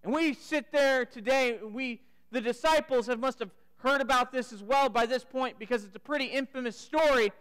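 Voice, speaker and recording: A man preaching in a church sanctuary, his voice high and smooth. He tells the story dramatically and sometimes sinks to a hush. The long reverb of the hall trails behind each phrase. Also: normal speed, hardly any pauses. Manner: dramatic retelling, dropping to a hush for the climax. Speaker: pastor. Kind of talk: sermon storytelling.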